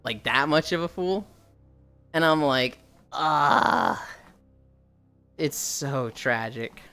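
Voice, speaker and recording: A young woman streaming while she walks on a treadmill, telling a story in a casual, animated way with swearing, sounding a little tired. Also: very deep voice, takes it slowly, smooth, soft background music. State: slightly tired from walking.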